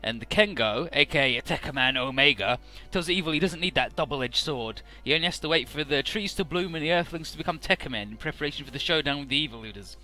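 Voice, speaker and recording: A man's voice: fairly high pitch, lively intonation, quick pace, hardly any pauses, sharp tone, faint music behind. A man casually recapping a video game story for his let's play, chatty and full of "uh" and "he's like".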